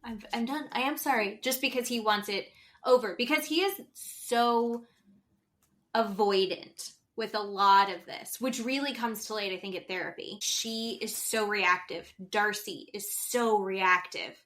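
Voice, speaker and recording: A woman co-hosting a podcast, chatting casually and acting out quotes in an animated way. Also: medium pitch, measured pace. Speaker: podcast co-host. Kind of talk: casual chat about a reality show.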